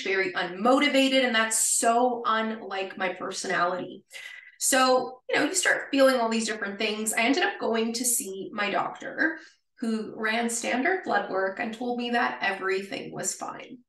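A woman's voice: on the high side, expressive, moderate pace, a bit bright, roomy sound, distant mic, rough recording. A woman with a Canadian accent, a guest nutritionist explaining in a friendly, earnest way. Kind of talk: interview answers.

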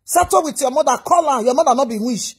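A woman's voice: sits high, lively intonation, fast talker. A woman lecturing and scolding a man, mixing English with a local language. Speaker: commentator. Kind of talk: scolding commentary.

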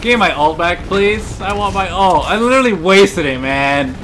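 High, excitable young man gaming. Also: normal speed, background noise. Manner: excitable, yelping and swearing at the game. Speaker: gaming YouTuber. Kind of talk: let's play commentary. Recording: gameplay gunfire behind the voice. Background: gunfire and explosions from the game.

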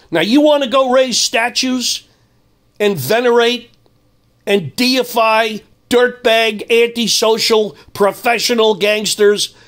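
An older man delivering an angry, emphatic monologue as a commentator. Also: sits high. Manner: emphatic, heated ranting.

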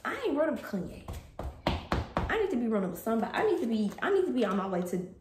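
A woman's voice: a little high, very animated, rapid-fire, background noise. A young woman chatting casually in her fashion haul vlog, playful and slangy, often laughing. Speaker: fashion vlogger. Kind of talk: casual haul video chat. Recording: echoey room.

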